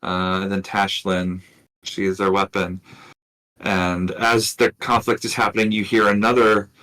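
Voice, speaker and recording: A man narrating as dungeon master of a tabletop game, relaxed and chatty. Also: sits low, measured pace.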